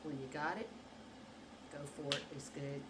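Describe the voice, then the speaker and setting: A woman hosting her own channel, chatting casually and acting out quotes loudly as she tells a comic story, often laughing. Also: deep voice, steady tone, moderate pace, very noisy. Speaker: channel host. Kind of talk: casual chat.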